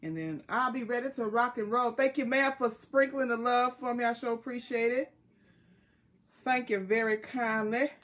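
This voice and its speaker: Recorded on a tablet, a woman with a fairly high, fairly bright voice speaks at a moderate pace. She's running a live jewelry sale, greeting viewers by name and keeping the selling chat casual, folksy and friendly.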